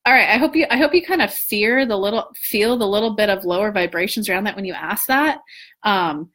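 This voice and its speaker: A young woman coaching on manifesting, chatting casually in a live stream, animated with lots of restarts and the odd swear. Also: medium pitch, a little fast. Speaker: law of attraction coach.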